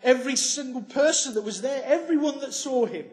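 A man preaching a sermon, full of tag questions and moving between loud emphasis and quiet asides. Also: very high voice, expressive, a little fast.

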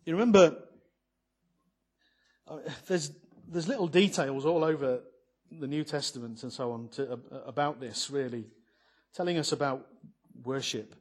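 A man's voice: mid-range voice, moderate pace, long pauses, a little mellow, breathy edge. A man preaching an evening sermon on a psalm, earnest and building to fervent emphasis, with many restarts.

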